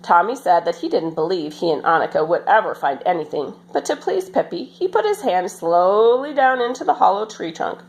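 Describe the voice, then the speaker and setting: A woman reading a children's story aloud as storyteller, in an expressive, animated manner. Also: on the low side, normal speed, hardly any pauses, low-quality recording.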